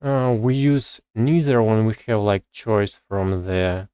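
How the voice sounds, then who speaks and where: This man's fairly low voice has a clear, resonant tone as he works through English grammar exercises on a live stream. He reads the rules aloud and thinks out loud, pausing hesitantly for words, in a dry, low-quality recording.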